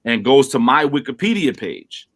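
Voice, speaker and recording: A man from Brooklyn, a rapper guest, tells stories in a relaxed, conversational way over a remote call. His voice sits mid-range, and it leaps upward whenever he acts out someone else's words. The delivery is loose and lively. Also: normal speed. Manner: animated storyteller, acts out quotes with big pitch jumps. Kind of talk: casual storytelling interview.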